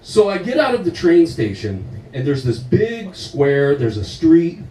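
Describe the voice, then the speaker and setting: A man doing stand-up, telling stories in a profane, animated way. His voice runs a little high with lively swings in pitch, and his tone is mellow. The sound echoes around a roomy club. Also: unhurried, recorded from a distance. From United States. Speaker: comedian. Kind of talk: stand-up comedy.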